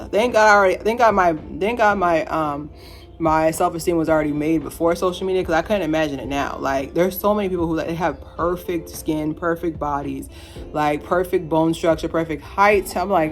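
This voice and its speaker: A woman in her thirties with a fairly low voice, giving her opinions straight to camera. She talks casually and with energy, laughing often and slipping in playful asides. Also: moderate pace. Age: 30s. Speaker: vlogger.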